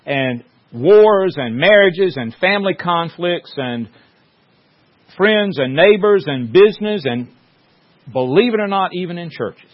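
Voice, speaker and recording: A man's voice: high-pitched, animated, measured pace. A man preaching a sermon in a folksy, joking storytelling way, with many restarts. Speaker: pastor. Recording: dull lo-fi sound.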